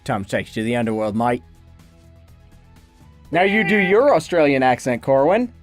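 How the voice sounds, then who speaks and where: A man's voice: medium pitch, normal speed, soft background music. A man co-hosting a casual chat, reading out fan questions and answering them loosely. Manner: relaxed, reads out fan questions. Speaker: co-host.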